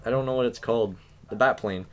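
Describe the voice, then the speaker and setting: A young man co-hosting a podcast, chatting casually, swearing freely and ranting with sudden loud outbursts. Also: mid-range voice, fast. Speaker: podcast co-host. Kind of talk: casual chat.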